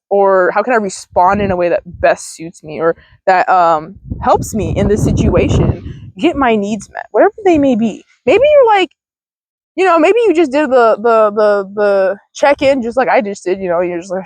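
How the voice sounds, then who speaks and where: With lively intonation and a slightly mellow, medium-pitched voice at normal speed, a young woman vlogs outdoors in a field. The handheld-phone recording is low quality with no room sound, and her mindfulness advice is chatty, rambling, and sprinkled with casual swearing.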